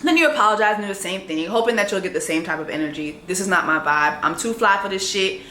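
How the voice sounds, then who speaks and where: Sassy, bright-voiced woman telling a dating story. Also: medium pitch, fast, roomy sound, a little hiss or hum. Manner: blunt, sassy, quotes texts aloud. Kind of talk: storytime vlog.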